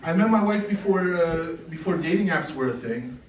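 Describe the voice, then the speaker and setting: High-voiced Polish-born comedian in his forties. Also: moderate pace. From Poland. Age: 40s. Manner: deadpan, self-deprecating delivery. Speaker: stand-up comedian. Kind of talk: stand-up comedy set. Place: comedy club stage with audience laughter. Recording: echoey room recording from a distance, loud noise.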